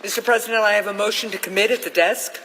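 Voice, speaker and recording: A woman senator speaks in a measured, insistent way while she makes a formal floor speech. Her voice carries a long echo through a large legislative chamber. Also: medium pitch, steady tone, fairly bright tone, a little hiss or hum.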